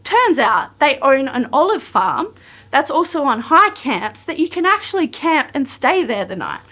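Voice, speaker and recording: Animated Australian woman storyteller. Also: high voice, a little slow. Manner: emotional, animated retelling of dialogue. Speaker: podcast guest telling her running journey. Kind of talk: personal storytelling.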